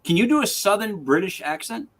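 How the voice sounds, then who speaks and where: A man with a slightly high, very lively voice co-hosts a live talk show. He rambles through jokey tangents in a loose, casual way. His pitch swings up and down a lot as he goes. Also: brisk. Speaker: co-host of a live paranormal news show. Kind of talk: casual chat.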